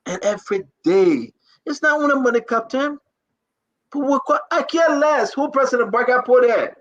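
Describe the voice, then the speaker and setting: A man's voice: extremely high pitch, moderate pace, a bit bright, dull audio. A man with a Liberian English accent, hosting a live talk show and pleading his case with passion and repetition.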